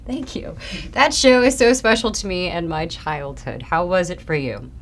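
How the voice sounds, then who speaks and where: Laid-back young woman, low voice. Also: expressive, moderate pace. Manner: chatty, laid-back, trailing off softly. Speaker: artist answering fan questions. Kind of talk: casual Q&A chat.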